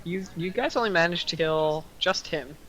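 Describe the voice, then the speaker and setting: A man's voice: a little high, normal speed, a bit bright, low-quality recording. A man running a tabletop game as game master, narrating casually with many fillers.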